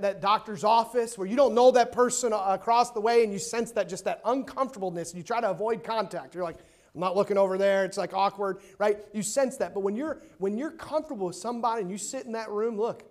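A man preaching a sermon in a church, emphatic, swinging between loud and hushed and repeating words to stress his points. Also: sits high, fast. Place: church sanctuary.

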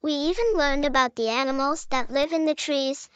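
A woman playing an eager little schoolgirl, high and bright. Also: dry recording, dull audio. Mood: cheerful. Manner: eager, chatty, quick to cry. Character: young schoolgirl, cheerful, fears getting wet. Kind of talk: homemade cartoon voice acting.

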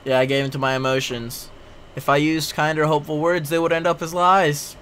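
A man's voice: on the high side, flat delivery, fairly quick, a bit bright, slight background noise. Profane, sarcastic young man commentating. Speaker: gameplay commentator. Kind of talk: let's play commentary.

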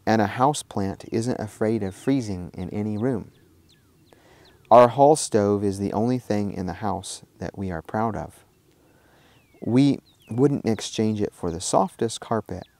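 A man voicing a kindly middle-aged farm mother in a storybook reading, speaking softly and patiently. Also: lowish voice, no room sound. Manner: soft, tender and patient.

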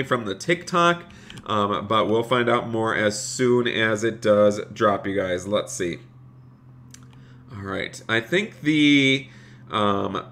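A man's voice: medium pitch, bright, forceful tone. A young man live-streaming a game, upbeat and chatty, reading viewer messages aloud and thanking them by name.

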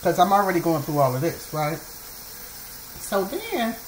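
Woman vlogger, unhurried storytime, lowish voice, faint room hum. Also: wildly swooping pitch, poor audio. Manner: chatty, repeats herself, addresses viewers as y'all. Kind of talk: casual storytime.

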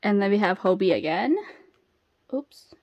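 A woman chatting casually as she unboxes, excitable and gasping at each reveal, then dropping to soft murmurs in between. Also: medium pitch, measured pace, highs cut off. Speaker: unboxing vlogger.

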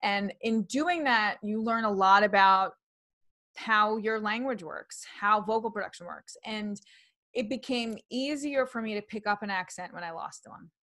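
A woman comedian from New York, her accent mostly trained out, talking in a casual interview in an animated, chatty way, laughing often and restarting her sentences. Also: mid-range voice, unhurried. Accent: slight New York, mostly trained out. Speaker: comedian and actress guest.

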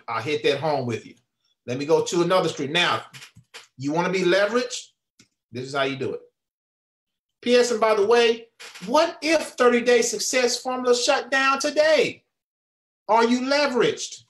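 Male income coach, high and unhurried, preachy and repetitive, echoey room. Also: fairly bright tone. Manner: preachy, repeats and restarts phrases, asks the viewer questions. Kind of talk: whiteboard pitch to camera.

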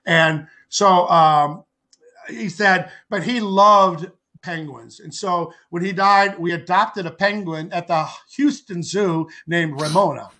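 Older man, high-pitched, podcast guest, rambling storyteller, acts out quotes. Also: slow pace. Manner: rambling, with restarts and repeated words; acts out quoted speech with lively voices. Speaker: podcast guest, author and artist. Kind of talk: personal storytelling in conversation.

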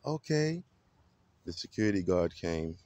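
A man with a very low voice recounts a story straight to the camera. He talks casually and dramatically, acting out the quotes and leaning into every twist. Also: normal speed, no echo. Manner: animated, dramatic retelling with acted quotes. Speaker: vlogger.

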